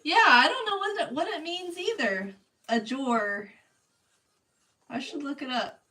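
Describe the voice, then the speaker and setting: Woman streamer painting live, talks slow and a touch high, chatty and giggly, mic a little distant. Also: animated, bright, forceful tone. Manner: chatty, answers viewers by name, laughs often. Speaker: livestreaming artist. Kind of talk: casual live-stream chat while painting.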